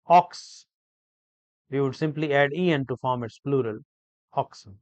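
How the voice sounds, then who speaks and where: A man of middle pitch gives a grammar lesson at a very unhurried pace, pausing often with hesitant fillers. His voice is close and dry, with no room sound around it. He explains step by step and repeats key phrases. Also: dry recording. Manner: slow, deliberate, repetitive explanation with many hesitations. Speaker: English grammar teacher.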